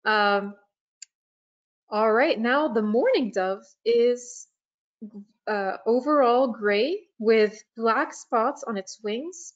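A woman on the staff of a nature preserve giving a webinar presentation, talking slowly with frequent fillers and pauses. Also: a little high, sing-song, lo-fi sound. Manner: slow, hesitant, many fillers.

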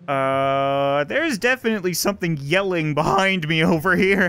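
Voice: mid-range voice, normal speed, hardly any pauses, fairly bright tone, faint music behind. A video game host giving casual, joking let's-play commentary while playing, chatting directly to viewers.

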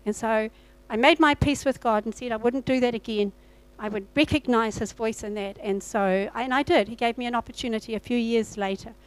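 A woman's voice: a little high, steady tone, fairly quick, hardly any pauses, smooth, poor audio. A woman pastor, preaching a sermon and telling a personal testimony with acted-out dialogue. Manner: storytelling, acts out her own past dialogue. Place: church.

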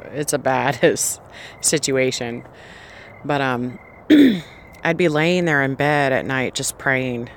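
A pregnant woman speaks slowly and earnestly, sharing a personal faith testimony to her viewers. Her telling rambles and restarts as she works through what happened. A faint hum of background noise sits behind her voice. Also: a bass voice. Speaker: vlogger.

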